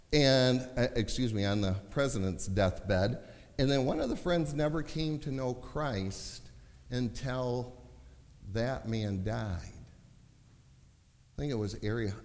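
Impassioned male preacher in a reverberant hall. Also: medium pitch. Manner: impassioned, rising to shouting. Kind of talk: sermon.

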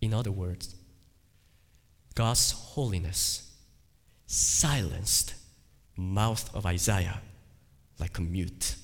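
A male pastor preaching a sermon in an emphatic, deliberate way, with dramatic dips and swells. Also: deep voice, vocal fry. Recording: long hall reverb.

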